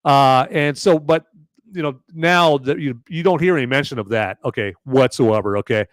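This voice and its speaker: A man with a mid-range voice talks at a normal pace, captured in a dry recording with clean studio sound. While hosting his live-stream podcast, he reviews a movie in a rambling, casual way, repeats words, punctuates points with "okay?", and names viewers as he thanks them for donating.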